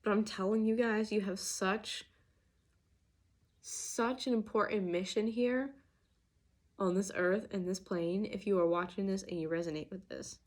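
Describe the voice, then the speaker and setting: A woman's voice: medium pitch, steady tone, unhurried, a little mellow. A young adult woman giving an earnest, emphatic channeled tarot reading, full of restarts and fillers. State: getting emotional. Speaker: tarot reader.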